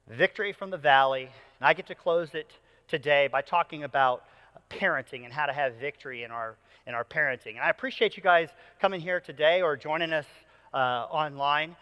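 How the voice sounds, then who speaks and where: A man in his thirties preaching a sermon as a pastor, an animated storyteller who jokes with the congregation. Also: a little high, long reverb tail. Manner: animated storyteller, playful and joking. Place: church auditorium.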